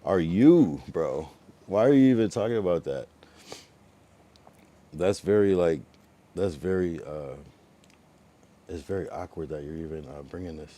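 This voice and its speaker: Very deep-voiced young streamer man, profane. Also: expressive, measured pace, pauses often. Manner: profane, rambling, with bursts of loud taunting and dips to a mutter. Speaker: livestreamer. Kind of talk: casual live-stream chat reacting to viewers.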